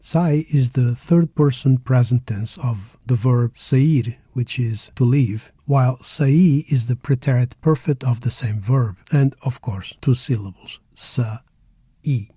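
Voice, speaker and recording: Slow, deliberate male teacher. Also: mid-range voice, dark tone, breathy edge, dry recording, studio quality. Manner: deliberate, models words syllable by syllable. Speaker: language teacher. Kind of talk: slow, careful pronunciation lesson.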